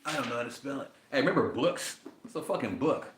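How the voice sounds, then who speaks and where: A man's voice: mid-range voice, fast talker, echoey room, a little hiss or hum. A man talking casually and profanely, reading definitions aloud and riffing between them. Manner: profane, animated, riffing between read passages. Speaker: podcast host.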